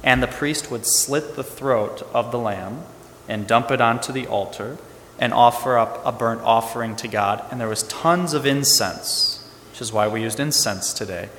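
A man's voice: medium pitch, moderate pace, fairly bright tone, slight background noise. A man, a priest, giving a sermon in a conversational storytelling way, acting out bits of dialogue. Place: church. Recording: echoey church hall with reverb.

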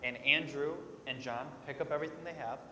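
A man preaches to his congregation in a loose, storytelling way, acting out the voices of the people in his stories. His voice is bright and forceful. It rings through a large echoey church with a long reverb tail. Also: on the high side, brisk, slight background noise. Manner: storytelling, acts out quoted voices, conversational. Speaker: Catholic priest. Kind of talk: sermon.

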